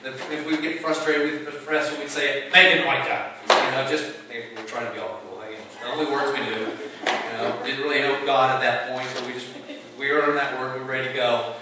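A man's voice: mid-range voice, steady tone, fairly quick, very noisy. A man preaching a sermon in an emphatic, conversational way, asking rhetorical questions. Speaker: pastor. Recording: echoey hall, mic at a distance.

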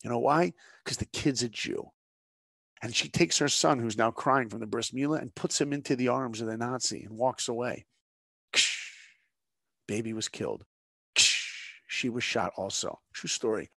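A man's voice: mid-range voice, moderate pace, creaky, a bit bright, slightly rough, dry recording, studio quality. A middle-aged man, a guest on a conversation show, telling a story in an earnest, preacher-like way and asking his listeners rhetorical questions. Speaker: guest, animation director.

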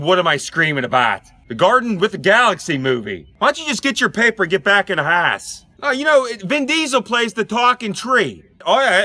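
A middle-aged man with a Pittsburgh accent, doing a rambling, gruff comic monologue aimed at his neighbors. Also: high-pitched, bright, forceful tone, dry recording. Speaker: comedic sitcom dad character.

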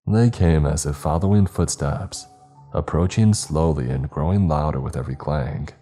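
Very deep-voiced man narrating horror. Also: dark tone, soft background music. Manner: measured, somber.

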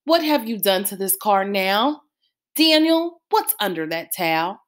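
A woman's voice: medium pitch, expressive, a little slow, natural voice. A woman voicing a worried mother who scolds her family. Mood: worried scolding.

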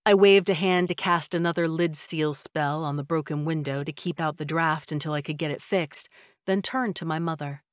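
A woman narrating a fiction audiobook in the first person, with a steady, even delivery. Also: low-pitched, moderate pace, no echo, clean studio sound.

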